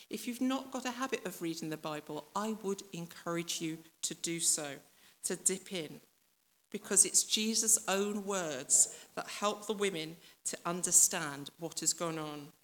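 A woman's voice: medium pitch, fairly bright tone. A woman preacher giving a reflective, conversational sermon that speaks directly to the listeners and acts out voices from the story.

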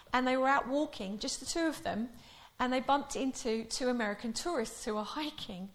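A woman's voice: fairly high pitch, gravelly, a bit bright. A woman preaching a sermon, telling stories in a chatty way before leading a prayer. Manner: chatty storytelling, laughing often.

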